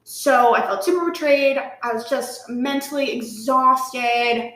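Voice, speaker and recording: Guest, female, animated storyteller, swears freely, echoey room. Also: sits high, takes it slowly. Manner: animated, swearing, lots of "like", acts out quotes. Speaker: podcast guest. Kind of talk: casual storytelling chat. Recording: roomy echo.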